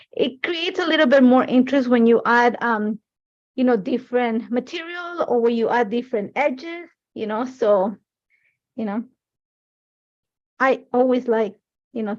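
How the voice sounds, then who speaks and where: Chatty woman in her forties, lo-fi audio. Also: on the high side. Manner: chatty and rambling, full of "like, you know". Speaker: craft livestream host. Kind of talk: live scrapbooking demonstration.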